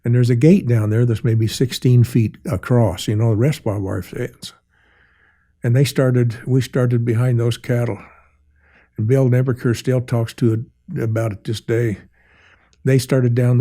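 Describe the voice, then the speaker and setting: A man's voice: mid-range voice, little pitch movement, measured pace, mellow. An older American man, a guest artist, telling rambling folksy stories in an interview. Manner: folksy rambling yarn-spinner with many restarts. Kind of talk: storytelling in an interview.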